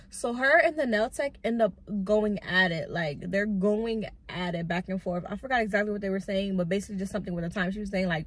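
A young woman in her twenties telling a story straight to her viewers in a chatty, animated way, full of "like" and "bro" fillers. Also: medium pitch, a little fast, few pauses. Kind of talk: casual storytime chat.

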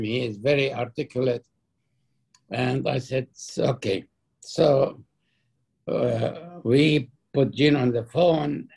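Man, gravelly, husky, anecdotal interview storytelling. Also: medium pitch, a little mellow. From Palestine. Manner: anecdotal, laughs while telling, acts out quoted dialogue.

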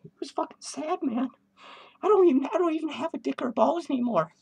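A high, shrill, unhinged clown rambles through crude, swearing rants, giddy and tipsy in a home studio. The voice sits well above a typical speaking pitch and breaks into cackling laughs. It's a comedic character vlog, manic and drifting from thought to thought. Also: male voice, animated, fairly quick, gravelly, darkish tone, heavily acted. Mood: manic ranting. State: tipsy and hyper.

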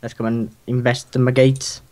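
A man's voice: medium pitch, flat delivery, unhurried, mellow. Laid-back man gaming. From United Kingdom. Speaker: co-player. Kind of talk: casual let's-play chat.

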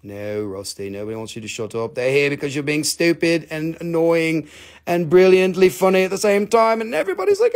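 A man's voice: a little high, brisk. A man hosting a live crystal sale stream in a casual, joking, rambling way, swearing freely and teasing himself. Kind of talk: casual live selling chat.

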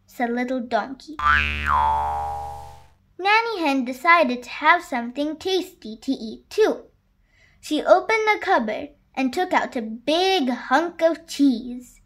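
A woman gently reading a children's picture book aloud as the channel's storybook reader. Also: sits high, lively intonation. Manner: slow, gentle read-aloud.

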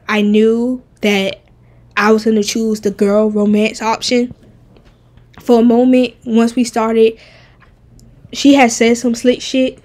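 A woman streamer chatting casually and bluntly while ranking game characters, animated and profane. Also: medium pitch. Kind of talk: casual game tier-list chat.

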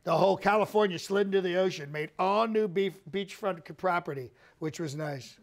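A man's voice: high voice, a little fast. A male comedian doing a live impression of a boastful male ex-president, rambling and repeating himself in a mock press conference.

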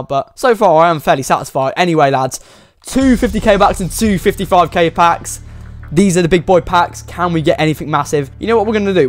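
A young man giving excitable, pleading commentary while opening game packs, full of exclamations and slang. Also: a little high. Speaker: gaming YouTuber.

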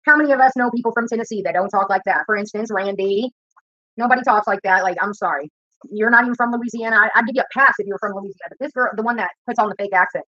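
A woman's voice: medium pitch, quick pace, pushed and bright, dry recording. A woman YouTuber ranting in a profane, confrontational, rambling way while she cooks at home. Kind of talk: ranting while cooking on a livestream. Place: home kitchen. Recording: dull lo-fi sound, dry.

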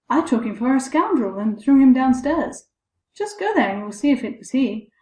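A woman's voice: on the high side, lightly acted. Woman reading as a fearless, blunt youth. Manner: loud, earnest, blunt. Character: fearless simple-minded young man, blunt and bold. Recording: echoey room.

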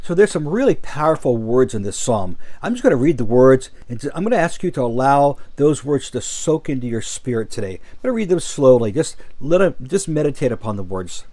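A male pastor giving a slow, meditative scripture reading, leaning on key phrases and speaking gently to his listeners. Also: medium pitch, very animated.

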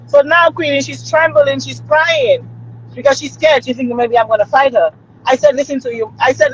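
A woman's voice: high-pitched, lively intonation, moderate pace, a little hiss or hum. A middle-aged woman, telling a story in a casual chat and often checking in with her listener. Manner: chatty, keeps checking in with the listener. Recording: slightly muffled recording.

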